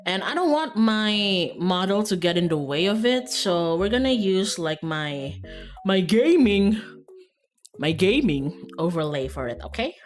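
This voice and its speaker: A woman's voice: medium pitch, very animated, a little slow. A young woman streaming a game, chatting casually and rambling, often laughing. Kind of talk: casual live-stream chat while gaming.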